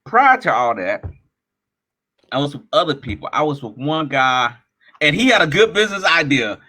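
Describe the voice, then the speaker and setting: A man telling stories as an interview guest, animated and acting out the lines of other people. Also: on the high side, normal speed. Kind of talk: casual storytelling.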